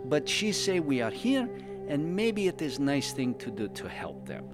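A man's voice: fairly high pitch, very animated, unhurried, over music. Man doing chatty pandaren husband in broken English. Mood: cheerful. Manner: broken English, drops articles and verb endings. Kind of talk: in-character fan podcast storytelling.

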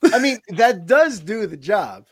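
A man's voice: high-pitched, big pitch swings, a little slow. A man co-hosting a podcast, chatting casually and enthusiastically, rambling with lots of restarts. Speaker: podcast co-host.

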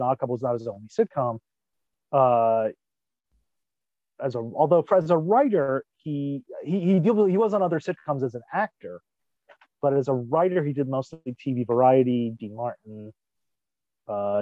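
A man co-hosting a casual podcast chat, talking in a halting way with many restarts. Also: medium pitch, dark tone, no echo. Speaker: podcast co-host. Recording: dull lo-fi sound.

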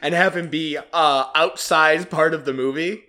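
A man's voice: a little high, normal speed. A man hosting a casual movie-review podcast, scoring his co-hosts' predictions and laughing often. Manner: laughs often, jokey and animated.

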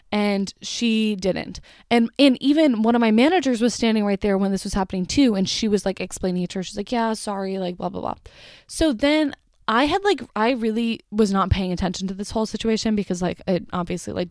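A woman's voice: mid-range voice, darkish tone, dry recording, studio quality. A young woman telling an exasperated storytime rant about her cashier job, swearing and filling with "like" constantly. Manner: exasperated, swears, lots of "like" fillers.

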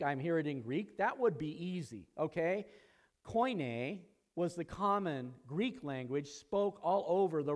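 A man with a fairly high voice preaches to his congregation in a church. He teaches in a relaxed, conversational way with asides, and his voice climbs higher and louder when he gets excited. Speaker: pastor. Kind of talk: sermon. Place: church sanctuary.

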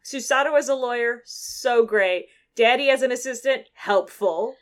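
A woman co-hosting a casual podcast chat, animated and laughing often as she recaps a game. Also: a little high. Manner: animated, laughs often, acts out characters in quick voices. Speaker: podcast co-host.

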